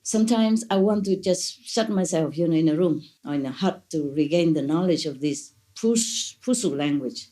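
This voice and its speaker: A woman's voice: deep voice, lively intonation, moderate pace, few pauses, mellow. A woman spiritual teacher answering questions at a gathering, playful and gushing, laughing often and speaking imperfect English.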